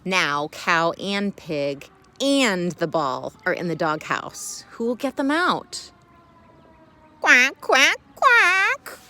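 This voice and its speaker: A woman teacher reading a picture book aloud to children in a playful, expressive way, then explaining a reading task. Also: on the low side, takes it slowly.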